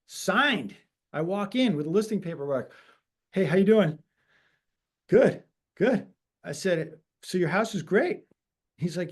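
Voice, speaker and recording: This is a man in his forties, a real estate broker who guests on a webinar. His voice sits high for a man. He tells his stories with energy and acts out each exchange he quotes. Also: measured pace, pauses often, slightly rough. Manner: animated storyteller acting out quoted dialogue. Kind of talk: webinar interview storytelling.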